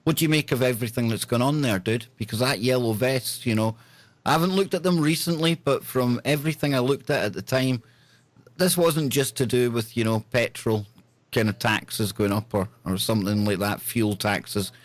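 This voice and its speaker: A man's voice: mid-range voice, moderate pace, no room sound. A man hosting a talk show, reading news stories with joking, sarcastic asides. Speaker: podcast host. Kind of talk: casual news chat.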